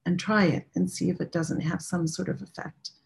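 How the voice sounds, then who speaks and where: A woman guides her listeners through a chanting practice in a gentle, unhurried way. Her voice sits a little on the low side. She talks to them plainly and candidly. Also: fairly even intonation, gravelly. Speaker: meditation and prayer teacher.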